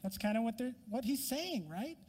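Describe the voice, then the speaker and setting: High-voiced preacher in a reverberant hall. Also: male voice, big pitch swings, normal speed, a little mellow, slightly rough. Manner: emphatic, dramatically voices Job's complaints, drops to whispers. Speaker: pastor. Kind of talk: sermon.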